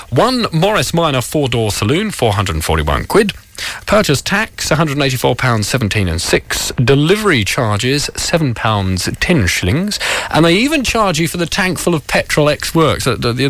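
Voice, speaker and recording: Male morning radio host from England, posh broadcast delivery, bouncy pitch, chatty and jokey. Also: a bit bright, no echo. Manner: chatty, jokey, reading out listener letters; says he puts on a posh radio voice. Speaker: radio presenter.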